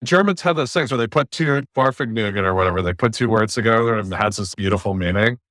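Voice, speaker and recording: A man's voice: on the low side, quick pace, fairly bright tone, dry recording, studio quality. An American man hosting a podcast, speaking bluntly and emphatically in long runs of argument over a remote call. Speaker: podcast host. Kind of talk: opinionated casual podcast talk.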